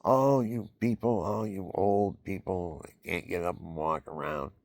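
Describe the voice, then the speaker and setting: An older vlogger sits on his couch at home, casually talking to the camera with rambling, folksy health tips and counting aloud while out of breath. His low voice is creaky and darkish, with no echo.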